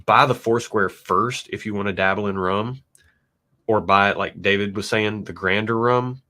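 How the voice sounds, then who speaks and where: A man's voice: lowish voice, normal speed. A man co-hosting a livestream, chatting casually and rambling with fillers while tasting. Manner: relaxed, rambling tasting talk with many fillers. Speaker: livestream co-host.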